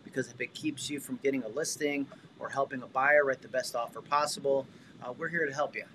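A man's voice: medium pitch, fairly even intonation, a little fast, pushed and bright, slight background noise, low-quality recording. A man hosting a livestream in a casual, chatty way, speaking directly to his viewers. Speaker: host.

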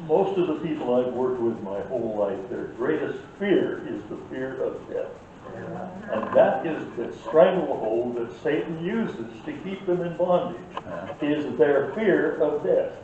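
A man's voice: on the high side, expressive, a little slow, lo-fi sound, background noise. An older man teaching a church Sunday school class in an earnest way that gets worked up, heard from far off in an echoey room.

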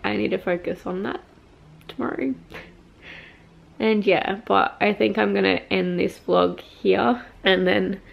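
A woman's voice: medium pitch, steady tone, unhurried, creaky, lo-fi sound. A young woman vlogging, upset and frustrated, venting about her week with a teary voice after crying. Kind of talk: casual personal vlog.

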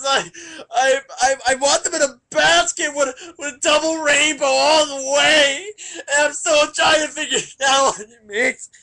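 A man playing a nervous, emotional superhero in a comedic monologue, halting and stammering with a gravelly, crying voice. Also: on the high side, sharp tone, full character voice. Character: nervous, weepy adult male superhero on a dating video.

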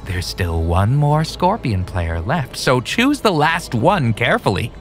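A man voicing a creepy young man who keeps scorpions and gloats as he tortures his captive, with slow, sing-song talk over light music. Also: mid-range voice, big pitch swings, voice pushed up. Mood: gloating. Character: creepy young man, scorpion-obsessed captor, gleefully sadistic.

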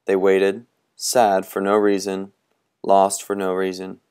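A man reading a novel aloud in a measured, atmospheric storytelling manner. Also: deep voice, monotone, darkish tone, clear, resonant tone. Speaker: audiobook reader.

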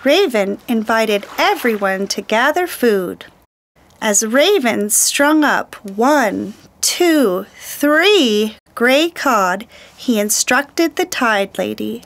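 Lady reading a kids' picture book, slow and gentle, kinda high voice. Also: lively intonation. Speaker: storyteller.

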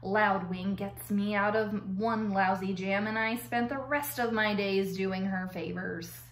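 A woman's voice: fairly high pitch, animated, unhurried, slight background noise. A woman doing a grumpy, stubborn beaver. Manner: grumbling, muttering. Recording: echoey room.

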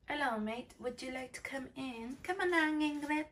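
A woman's voice: sits high, normal speed, a bit bright, slight background noise. A woman vlogging casually at home, talking to her pets in cooing baby talk.

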